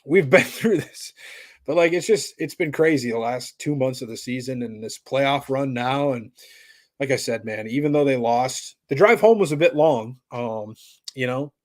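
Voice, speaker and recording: A man's voice: medium pitch, moderate pace, no room sound. Laid-back man chatting sports. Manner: laid-back, rambling with many fillers. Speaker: podcast co-host. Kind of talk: casual sports chat.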